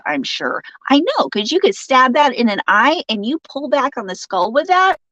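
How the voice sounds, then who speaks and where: Woman hosting a live chat, lively up-and-down voice, dry dull lo-fi sound, jokey and chatty. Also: high-pitched, moderate pace, few pauses, no echo. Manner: chatty, laughing often, sympathetic and joking. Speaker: livestream host reading viewer comments. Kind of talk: casual chat.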